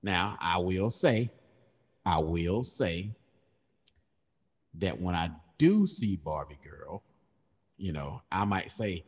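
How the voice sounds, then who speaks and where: Guy cracking jokes on a podcast, low voice that jumps around a lot, long reverb on it. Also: takes it slowly, pauses often. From Southern US. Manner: joking, animated storytelling. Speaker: podcast co-host. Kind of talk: casual chat.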